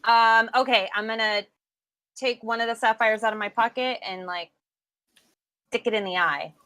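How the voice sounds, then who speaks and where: A woman's voice: fairly high pitch, normal speed, sharp tone. A woman playing a tabletop game, eager and playful as she describes her character's actions. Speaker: player.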